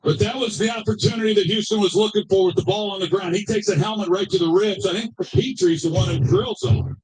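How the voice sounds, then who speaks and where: A man with a high speaking pitch breaks down football plays as an analyst. He explains angles and reads in a conversational way, sometimes restarting a phrase. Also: fairly quick, a little mellow, low-quality recording. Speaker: color commentator.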